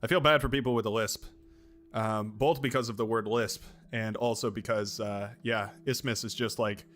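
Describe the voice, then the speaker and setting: A man's voice: fairly low pitch, steady tone, moderate pace, a bit bright. A man streaming a strategy game, chatting casually and rambling into joking asides while he plays. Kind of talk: casual gameplay commentary.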